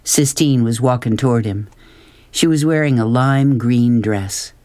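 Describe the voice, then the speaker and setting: Man narrating a storybook, measured. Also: mid-range voice, dark tone. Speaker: audiobook narrator. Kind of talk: scripted narration.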